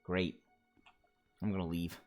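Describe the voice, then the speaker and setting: A man's voice: low-pitched, little pitch movement, takes it slowly, darkish tone, faint music behind. A man streaming a game, making casual, wry asides between dialogue. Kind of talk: casual gameplay commentary.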